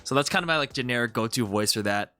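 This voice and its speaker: A young man chatting casually as he reviews his own comedy video, animated and full of restarts. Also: mid-range voice, quick pace. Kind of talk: casual commentary.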